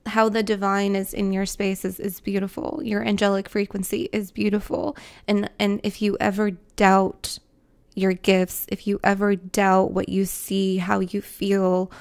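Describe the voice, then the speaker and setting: A woman with a gravelly, creaky voice gives a heartfelt tarot reading straight to her viewers. She is emotional and close to tears, repeats herself for emphasis, and swears casually along the way. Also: medium pitch, monotone, a little slow. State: tearful, emotional. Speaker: tarot reader. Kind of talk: spiritual tarot reading to camera.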